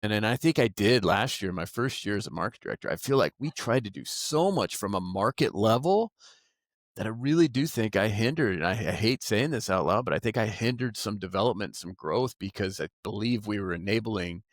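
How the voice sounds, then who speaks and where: A man with a very lively voice that rises and falls as he acts out what others said. He speaks openly and critically about his own habits, in a relaxed interview setting. The recording is dry and close. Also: lowish voice, brisk, no echo. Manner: animated, acts out quoted remarks; candid and self-critical. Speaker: market director; guest. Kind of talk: casual interview talk.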